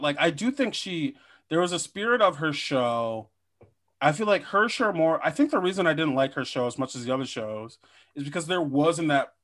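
A man's voice: on the high side, a bit bright. A man co-hosting a podcast in casual chat, joking and slipping into silly impressions. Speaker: podcast co-host.

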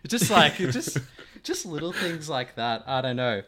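A man co-hosting a podcast, talking excitedly about a film and laughing often. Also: a little high, moderate pace. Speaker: podcast co-host. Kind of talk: casual movie chat.

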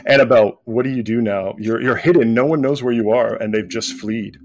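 A man narrating as game master of a tabletop game, relaxed, with frequent hesitations. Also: mid-range voice, brisk.

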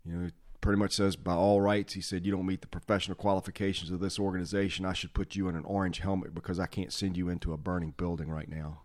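Deep-voiced man telling stories. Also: quick pace, hardly any pauses. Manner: animated, acts out quotes, laughs often. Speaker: podcast host, former fire officer. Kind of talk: casual storytelling chat.

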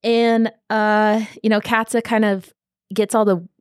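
A woman's voice: mid-range voice, level tone, a little slow, darkish tone, clean tone, no room sound, clean studio sound. A woman co-hosting a book podcast, recapping the plot casually with lots of swearing and filler words. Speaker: podcast co-host. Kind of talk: casual book-club chat.

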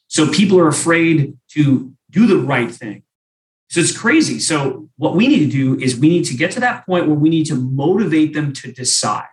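A man's voice: a little high, expressive, moderate pace, distant mic. Emphatic man in an echoey room. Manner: emphatic, motivational, repeats key points. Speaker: sales trainer. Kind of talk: podcast conversation.

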